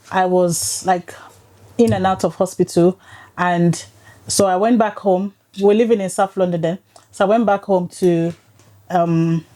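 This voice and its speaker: A woman in her forties, a podcast guest, telling her story in a lively, laughing way. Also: on the low side. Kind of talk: casual chat, storytelling. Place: podcast studio.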